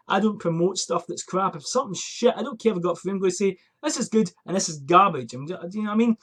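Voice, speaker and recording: A man's voice: high-pitched, fairly bright tone. A young man vlogging from a small attic room into a USB desk mic, ranting and swearing in exasperation before his fragrance review. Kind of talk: casual vlog rant. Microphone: USB desk microphone.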